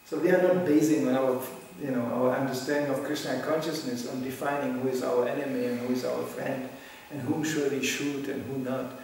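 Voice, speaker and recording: A man's voice: medium pitch, fairly even intonation, fairly quick, few pauses, a little mellow. A man giving an informal scripture class, telling stories, acting out what people say in little voices and chuckling often. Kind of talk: informal sermon with storytelling. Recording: roomy hall, mic at a distance, faint background hum.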